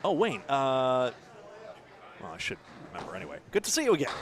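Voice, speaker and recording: A man with a New England accent giving chatty, animated live play-by-play of a bowling match in a bowling alley. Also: medium pitch, moderate pace. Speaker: bowling commentator. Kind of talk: live sports commentary. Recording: crowd noise behind.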